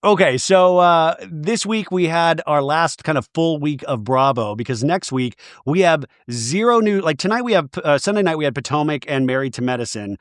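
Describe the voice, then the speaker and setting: Animated, chatty man with a fairly high voice. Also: normal speed, hardly any pauses, no room sound, clean studio sound. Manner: animated, rambling, laughs often. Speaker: podcast guest. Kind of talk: casual podcast chat.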